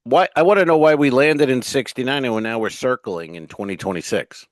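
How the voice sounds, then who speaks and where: A man's voice: mid-range voice, fairly quick, dry recording, studio quality. A male comedian co-hosting a podcast, telling rambling stories in casual chat and swearing freely.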